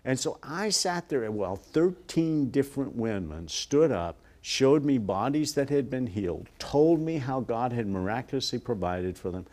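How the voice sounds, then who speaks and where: A man in a TV interview, earnestly telling a story and acting out quoted voices softly. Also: mid-range voice, expressive, normal speed, few pauses. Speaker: guest, ministry worker.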